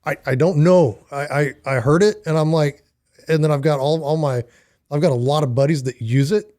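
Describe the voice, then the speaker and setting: A man's voice: a little high, moderate pace, a little mellow, no room sound, studio quality. A man co-hosting a casual podcast chat, wry and laughing, often restarting his sentences. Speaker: podcast co-host.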